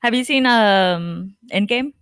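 A woman's voice: mid-range voice, a bit bright, smooth, no echo, clean studio sound. A young woman co-hosting a podcast, chatting playfully and laughing often. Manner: playful, quick to mimic voices and laugh. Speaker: podcast co-host. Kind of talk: casual chat.

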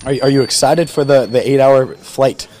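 A man's voice: medium pitch, normal speed, a little mellow, faint music behind. A man, a sports reporter asking a player questions, who often stumbles and repeats words when starting a question. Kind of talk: locker-room interview questions.

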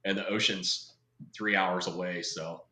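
A man's voice: low-pitched, fairly even intonation, measured pace, bright, forceful tone. A man from California telling stories in a casual, slangy way, acting out the people he quotes. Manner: laid-back, slangy, acts out quoted voices. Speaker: guest. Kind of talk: casual storytelling. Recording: roomy echo.

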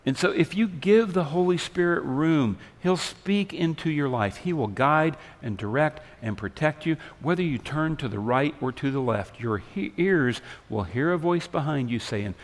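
A man preaching a sermon, his delivery swinging between loud emphatic lines and soft hushed ones. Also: a little high, lively intonation, normal speed, hardly any pauses, big-room sound. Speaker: pastor.

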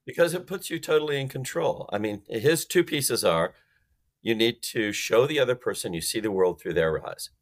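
A man's voice: medium pitch, lively intonation, normal speed. A man talking as a guest expert on a sales podcast. He explains things emphatically and acts out phone calls in different voices.

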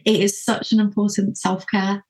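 A woman hosting a podcast who talks in a casual way, affirming her guest and speaking quickly. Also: medium pitch, level tone, a little mellow. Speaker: podcast host.

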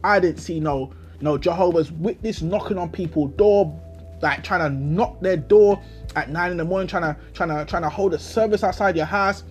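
A man's voice: sits high, moderate pace, faint music behind. A young man with a London accent hosting a solo podcast, telling a story as an indignant, slang-heavy rant full of rhetorical questions. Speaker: podcast host.

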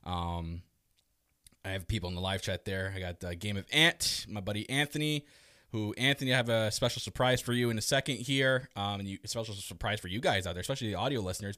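A man hosting a casual podcast, lively and swearing freely, talking with a burned tongue. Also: fairly low pitch, no room sound, clean studio sound. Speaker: podcast host. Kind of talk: casual live podcast chat.

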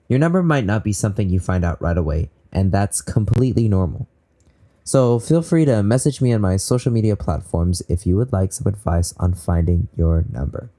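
Young man, podcast host, low voice, mellow tone, eager, upbeat. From Southern California. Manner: upbeat, eager, laughs often. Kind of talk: casual faith podcast talk.

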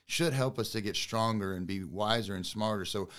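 A man's voice: on the low side, normal speed, a bit bright. A man appearing as a podcast guest, speaking earnestly and plainly about faith with folksy comparisons. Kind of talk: casual faith conversation.

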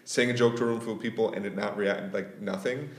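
A man's voice: fairly low pitch, steady tone, fast, reverberant. A man in a casual podcast chat, thinking aloud with restarts and ending his points with "right?".

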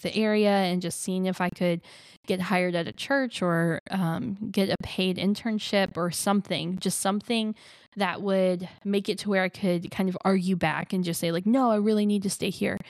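A woman's voice: medium pitch, steady tone, moderate pace, a little mellow, dry recording. A young woman from Alabama, a life coach, telling her personal story in an earnest, chatty way with many fillers.

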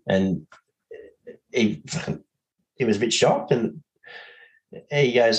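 A laid-back Australian man chats as a podcast guest. He laughs easily and swears casually, with a mid-pitched voice. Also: slow pace, pauses often, poor audio.

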